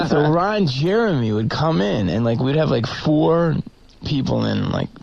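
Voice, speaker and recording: A man, a comedian guest on a radio show, telling stories casually with a sore throat and quick character voices. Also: fairly high pitch, expressive, creaky, muffled recording, over a noisy crowd.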